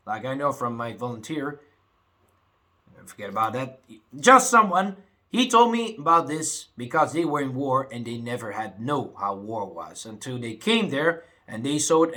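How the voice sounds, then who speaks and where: A young man talking casually to his viewers, swinging between angry outbursts and low, sad muttering, full of "you know" and "man". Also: sharp tone. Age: young adult. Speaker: vlogger. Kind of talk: casual rant to camera.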